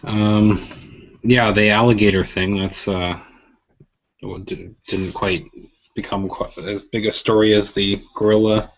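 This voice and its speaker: A man chatting casually while playing a game, speaking in a hesitant, low-key way that trails off. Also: fairly even intonation, a little slow, lo-fi sound.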